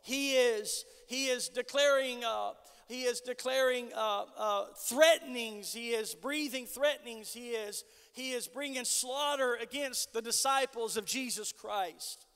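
High-voiced preaching man in a hall. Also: clean tone. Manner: builds from measured storytelling to shouted exhortation. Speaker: pastor. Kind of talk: sermon. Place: church sanctuary. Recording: long church hall reverb.

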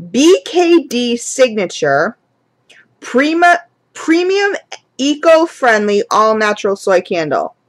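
A woman's voice: medium pitch, dry recording, poor audio. A woman gushing through an unboxing vlog, effusive and chatty as she talks straight to her viewers, at times near tears. Her voice is close and dry, with little room sound around it. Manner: chatty, addresses viewers as guys. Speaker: candle and wax hobby vlogger.

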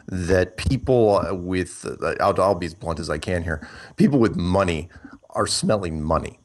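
A man's voice: deep voice, expressive, a little slow. A man talking as an interview guest, explaining at length with many fillers and restarts. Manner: rambling, thinks aloud with many fillers and restarts. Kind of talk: casual interview talk.

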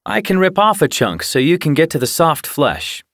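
A man's voice: medium pitch, animated, normal speed, no echo, studio quality, close to an everyday voice. A man voicing a friendly, eager young house tomcat in an audiobook, speaking cheerfully.

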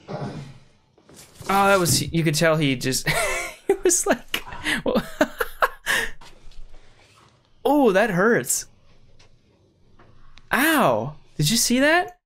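A man's voice: a little high, very animated, slow, pauses often, a bit bright. A man streaming, giving casual reaction commentary with frequent exclamations and laughter.

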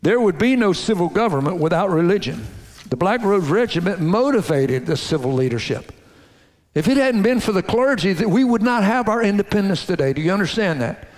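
A man preaching a sermon to his congregation in a folksy, animated way, calling out to the crowd. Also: high-pitched, brisk, in a large hall. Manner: folksy, animated preaching with audience call-outs. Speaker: pastor. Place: church sanctuary.

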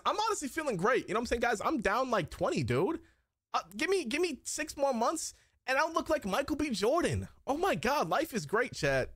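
A young man livestreaming and reacting to his chat, loud, excitable and swearing, recorded on a desk mic indoors. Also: very high-pitched, no room sound, clean studio sound. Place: indoor streaming setup.

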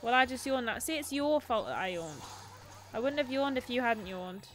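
A woman's voice: fairly high pitch, very animated, moderate pace, fairly bright tone. A woman hosting a game livestream, joking and bantering with her chat in casual let's-play commentary. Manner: playful, jokey, bantering with chat. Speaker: streamer and show host.

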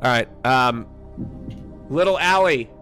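A man's voice: mid-range voice, lively intonation, slow, fairly bright tone, soft background music. A man hosting a dating game show stream, announcing who is safe and who goes to the bottom three, joking and laughing as he goes. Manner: jokey and teasing, laughing between lines. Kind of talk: announcing eliminations in a playful game-show manner.

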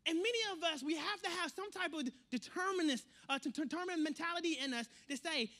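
High, bright-voiced male preacher. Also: a little fast, hardly any pauses. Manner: animated, repetitive preaching with acted-out quotes. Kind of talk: sermon.

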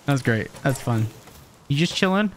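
A man streaming a game, reacting with excited, jokey commentary and frequent laughs. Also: medium pitch, moderate pace, slight background noise. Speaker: gaming streamer.

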